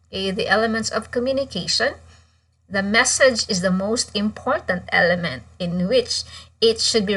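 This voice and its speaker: A woman teacher giving an online class lecture, explaining step by step and often pausing with "okay". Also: mid-range voice, bright, forceful tone, far from the mic, rough recording. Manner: frequent "okay" fillers and restarts, explanatory.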